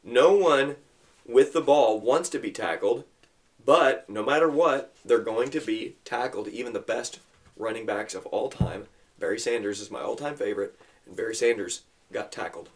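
A man's voice: medium pitch, normal speed. A man hosting a Christian podcast with his boys, praying and telling lessons in a fatherly, storytelling way. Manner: warm fatherly storytelling, teaching his sons; earnest prayer. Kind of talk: Christian family podcast talk.

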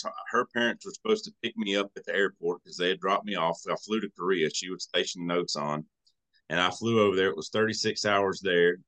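A man with a Southern country accent talks through his story as a podcast guest. His voice sits low but has a bright, forceful edge. He is folksy and emotional and acts out the people he quotes. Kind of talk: casual storytelling.

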